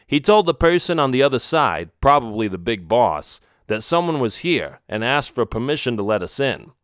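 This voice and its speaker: Expressive man reading a children's story. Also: mid-range voice, moderate pace, no echo, clean studio sound. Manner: first-person, expressive. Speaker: audiobook narrator. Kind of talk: storybook narration.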